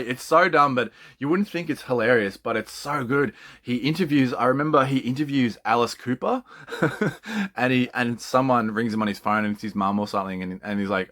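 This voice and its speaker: A man's voice: medium pitch, normal speed, fairly bright tone. A man chatting casually and with enthusiasm, often laughing and swearing freely. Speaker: collector. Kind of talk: casual chat.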